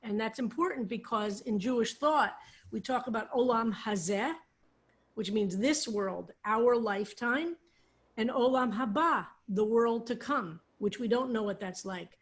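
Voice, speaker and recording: A woman rabbi with a slightly high voice speaks a little slowly as she teaches a psalm study over a video call. In this online Hebrew text lesson, she patiently explains Hebrew words.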